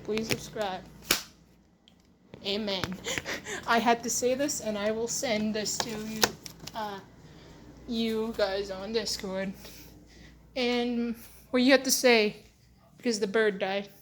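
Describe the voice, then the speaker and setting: A woman hosting a casual vlog, soft-spoken and wandering in her talk, chatting to her pets along the way. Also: a little high, fairly even intonation, slow pace, long pauses, very noisy. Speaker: channel host. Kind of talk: rambling casual vlog chat.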